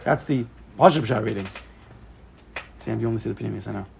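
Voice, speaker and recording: A man's voice: fairly low pitch, fairly quick, creaky, slight background noise. A man teaching a small study group in a casual, joking way, drifting into side stories and mixing Hebrew terms into his English. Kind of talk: casual text study class.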